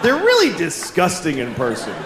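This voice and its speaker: A man's voice: high-pitched, wildly swooping pitch, moderate pace. A man doing a stand-up comedy routine, talking in a mocking way and acting out the voices of people and animals. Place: stage in a comedy venue. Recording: echoey venue with crowd noise.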